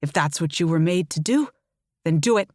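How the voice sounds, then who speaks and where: A woman voicing an earnest young faerie man who refuses to fight, speaking low and quietly. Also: expressive, normal speed, no room sound, clean studio sound. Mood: pleading.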